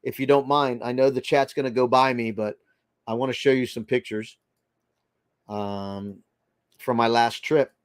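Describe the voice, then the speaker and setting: A man's voice: medium pitch, fairly even intonation, unhurried, pauses often, clean tone, no room sound. Chatty man with a faint Boston accent. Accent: slight Boston. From Boston area. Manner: rambling, greets viewers by name, frequent fillers. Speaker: live-stream host. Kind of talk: casual live-stream chat.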